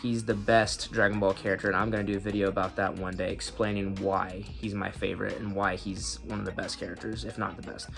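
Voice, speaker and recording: A man's voice: little pitch movement, fairly quick, vocal fry, hardly any pauses, a bit bright, faint music behind. Man casually rambling through an anime review. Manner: rambling, slangy, breaks into high laughs.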